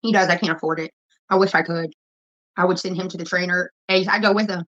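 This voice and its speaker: A woman's voice: on the low side, fairly even intonation, quick pace, a bit bright. A woman, ranting casually to her viewers in a blunt, profane, rambling way. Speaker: vlogger. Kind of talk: casual rant to camera. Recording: dull lo-fi phone audio.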